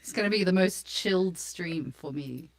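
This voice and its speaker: A woman's voice: on the low side, normal speed. A woman with a South African accent, co-hosting a live stream in a casual, joking, self-mocking way. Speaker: co-host of a live portfolio review stream. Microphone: desk mic on a live stream.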